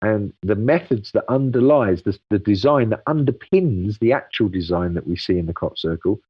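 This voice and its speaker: Low-voiced man explaining at length. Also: normal speed, husky, no room sound, highs cut off. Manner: explanatory, steady lecturing with frequent ums. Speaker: guest expert. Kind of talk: casual interview.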